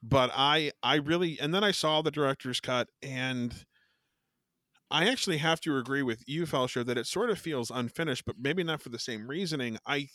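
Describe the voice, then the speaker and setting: A man chats on a horror podcast, rambling through restarts and tossing in swear words. His voice sits at an ordinary middle pitch. The sound is dry and close. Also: moderate pace, pushed and bright, no echo. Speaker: podcast co-host. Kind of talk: casual chat.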